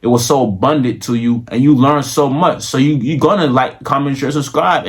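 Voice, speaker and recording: A young man vlogging straight to camera in casual, slangy, profane talk that rambles and repeats itself. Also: medium pitch. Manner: slows into mock-grand preaching toward the end.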